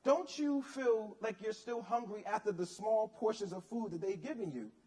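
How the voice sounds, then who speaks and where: A man voicing a calm, wise male hawk in a spoken story, talking softly and knowingly. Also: sits high, moderate pace, lightly acted.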